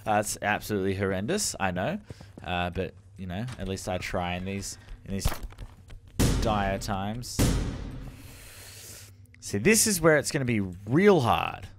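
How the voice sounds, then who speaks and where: A man hosting a gaming channel, giving animated let's-play commentary and exclaiming at the screen. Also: on the low side, a little slow, pauses often, a little hiss or hum. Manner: animated, exclaiming, addresses viewers as legends.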